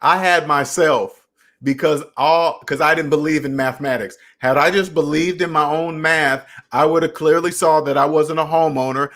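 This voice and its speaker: A man's voice: fairly high pitch, steady tone, normal speed, a bit bright. A young adult man hosting a casual personal finance live stream, talking straight to viewers and repeating phrases for emphasis.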